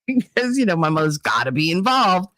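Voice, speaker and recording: Brief: chatty middle-aged woman, lively storyteller, dry close-up sound. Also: on the low side, moderate pace, dry recording, rough recording. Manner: animated storytelling, acting out quotes. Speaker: vlogger. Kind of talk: casual monologue vlog.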